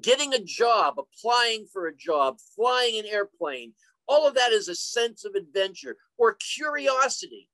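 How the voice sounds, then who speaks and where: An older man gives an online career talk over a computer mic on a video call, chatty and full of stories and joking asides. His voice is high, sing-song, pushed and bright, at a measured pace, on a dry, rough recording.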